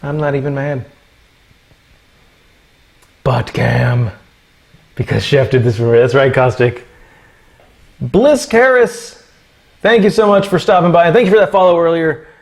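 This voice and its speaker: This man's slightly high, gravelly voice moves a little slowly, with long pauses, as he hosts a cooking livestream from his home kitchen. He chats casually with viewers and jokes playfully while he cooks.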